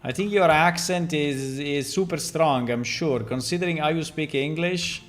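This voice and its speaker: A man who develops a game, chatting casually and thinking aloud on a stream, amused and relaxed. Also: fairly high pitch, moderate pace, soft background music.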